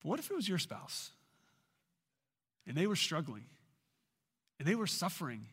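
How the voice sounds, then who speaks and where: A man delivering a sermon as a pastor, preaching emphatically with swings in pitch and loudness. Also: very animated, moderate pace, breathy edge.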